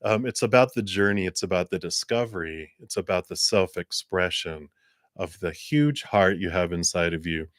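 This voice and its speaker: A man giving live-streamed tarot readings in a gentle, encouraging way, rambling a little with fillers. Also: deep voice, lively intonation, normal speed, no echo, clean studio sound. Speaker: tarot reader.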